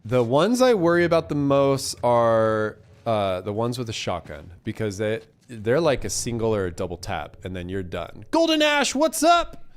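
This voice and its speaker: A man's voice: mid-range voice, sing-song, moderate pace, few pauses. A man streaming a game live, chatting casually and cheerfully thanking donors, a bit congested. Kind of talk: casual live gameplay commentary.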